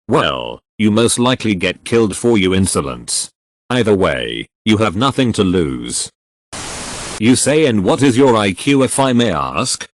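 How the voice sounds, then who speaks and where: A man reading funny text-adventure stories aloud with deadpan punchline delivery. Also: fairly low pitch, dry recording. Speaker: narrator.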